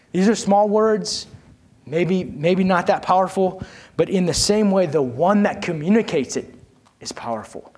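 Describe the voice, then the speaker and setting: A man preaching a sermon, telling a personal story and calling on the congregation to respond, his delivery swinging from soft and low to raised and emphatic. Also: breathy edge.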